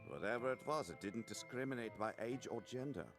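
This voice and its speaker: An actor playing a jovial, worldly old gentleman who tells stories in a measured, genial way in an anime. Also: mid-range voice, lively intonation, natural voice. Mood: ominous. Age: older. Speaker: anime character. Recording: anime clip with score underneath. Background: background music.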